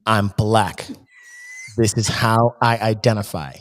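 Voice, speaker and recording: An earnest male star athlete, narrating his own mock documentary in a solemn, deliberate voice, as a man puts him on in a comic skit. He sits a little lower than an ordinary man's talking voice and speaks gravely.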